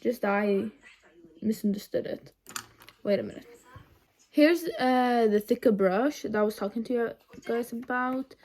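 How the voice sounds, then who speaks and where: A woman's voice: fairly high pitch, a little slow, long pauses, a little mellow. Chatty young woman doing a makeup tutorial. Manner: chatty, rambling, many ums and asides. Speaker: makeup vlogger. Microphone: phone camera set low.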